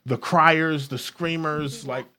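A man co-hosting a casual chat, telling crude stories in an animated way and acting out what people said. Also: a little high, takes it slowly, crowd noise. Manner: crude, animated storytelling with acted-out quotes. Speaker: podcast co-host.

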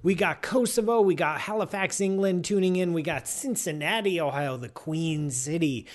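A man's voice: on the high side, moderate pace. A man hosting a live science show, talking casually and playfully, ranting in mock outrage and rambling off on digressions.

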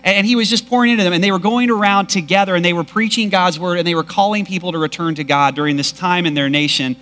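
A man delivers a sermon in a forceful, bright voice that sits a touch high for a man. He preaches with animated emphasis, pressing his points hard to the room. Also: fast talker. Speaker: pastor.

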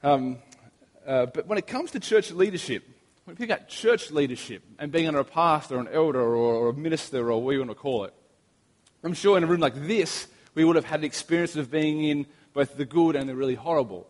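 Young Australian male preacher, slightly raised pitch, easygoing anecdotal delivery, long hall reverb. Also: a little fast. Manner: relaxed, anecdotal storytelling with humor. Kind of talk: sermon.

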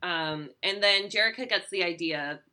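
A woman's voice: fairly low pitch, moderate pace, pushed and bright. A woman co-hosting a casual recap chat, talking loosely with lots of "like" and the odd swear. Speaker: podcast co-host.

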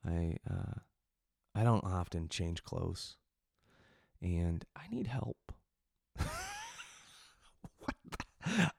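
A man's voice: low voice, sing-song, slow pace, vocal fry, pauses often, no echo, studio quality. A man hosting a solo podcast, rambling and self-mocking, with restless restarts and sudden bursts of energy. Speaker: podcast host.

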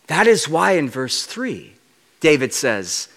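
A man preaching a sermon as a guest speaker, animated and playful as he unpacks Hebrew words. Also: fairly high pitch, slow. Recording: long reverb of a large hall.

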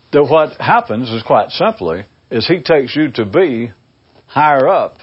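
A man giving a rambling, discursive spoken monologue to his listeners on a dull, lo-fi recording. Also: slightly rough. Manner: discursive, acts out imagined people in a high voice. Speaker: speaker addressing listeners.

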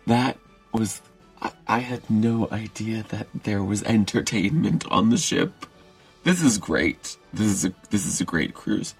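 A man's voice: on the low side, lively intonation, measured pace, gravelly, breathy edge, soft background music. A man playing a tabletop game, describing his character in a playful, wry way. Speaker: player. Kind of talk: tabletop role-play.

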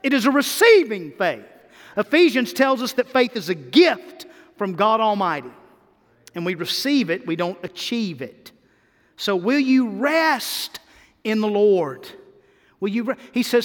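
A man preaching a sermon as a pastor, swinging between loud emphasis and quick quiet stretches. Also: high-pitched, very animated. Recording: long hall reverb.

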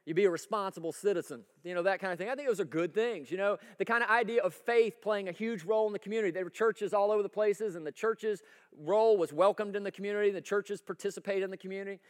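A high-voiced man preaches from a church sanctuary. He talks in a folksy, energetic way and keeps asking the congregation whether they agree. His voice carries a long hall reverb. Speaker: pastor. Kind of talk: sermon.

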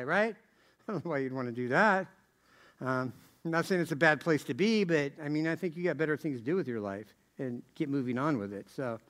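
High-voiced middle-aged male preacher. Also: a little fast, fairly bright tone. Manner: rhetorical, keeps asking "right?", restarts and repeats phrases. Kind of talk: conversational sermon.

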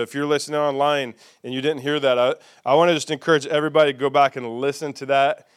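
A man's voice: fairly high pitch, steady tone, a little fast, hardly any pauses, clean tone. A man preaching a sermon as pastor, conversational and playful, leading the congregation in call-and-response.

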